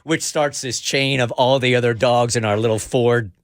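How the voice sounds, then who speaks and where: A man's voice: mid-range voice, normal speed, dry recording. A middle-aged man on a radio show, telling a story in a mid-range voice and drawing it out for effect. The studio sound is close and dry, with no room around him. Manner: animated storyteller, playful, building suspense. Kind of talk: casual morning show storytelling. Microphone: studio mic.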